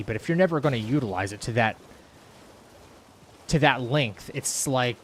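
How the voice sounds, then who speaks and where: A man live-streams a game, chatting loosely with viewers and reading their messages aloud, rambling with lots of fillers and restarts. His medium-pitched voice is sing-song, a bit bright and a little fast, with slight background noise.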